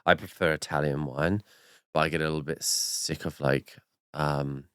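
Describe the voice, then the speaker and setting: A man's voice: extremely low pitch, steady tone, moderate pace, a bit bright, smooth, no echo, clean studio sound. A man chatting casually on a podcast, nasal and rambling with many fillers. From Australia. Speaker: podcast co-host. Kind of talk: casual chat.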